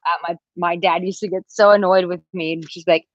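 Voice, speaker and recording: A woman in her thirties, a dating and relationship coach, chatting on a live-stream Q&A and reading out viewer comments. She talks animatedly and acts out quotes in a high, squeaky voice. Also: fairly even intonation, brisk, few pauses, no echo, dull audio. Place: villa room, at home.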